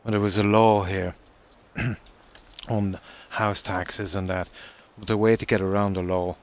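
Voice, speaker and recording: A man with an Irish accent chats on a live stream, speaking in a deep, low voice. He talks slowly and easily, reading out viewer comments and answering them at length. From Ireland. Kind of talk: casual live-stream chat.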